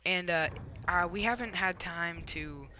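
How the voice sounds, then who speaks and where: A young man giving a casual gameplay commentary, telling a rambling, animated story with lots of "um" and "like". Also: high-pitched, unhurried, slight background noise.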